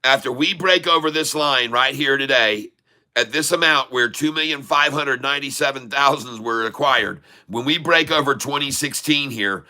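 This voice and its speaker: A man streaming his live day-trading, excitable, calling out prices over and over and taunting short sellers. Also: mid-range voice, moderate pace. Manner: addresses viewers as folks, taunts short sellers.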